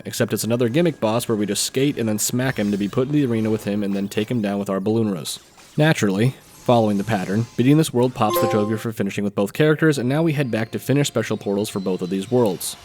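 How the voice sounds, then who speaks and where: Guy doing rapid gameplay voiceover, mid-pitch voice, dry jokey asides, soft game music underneath. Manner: fast, dry, joking asides. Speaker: gaming trophy hunter. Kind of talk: gameplay voice-over narration.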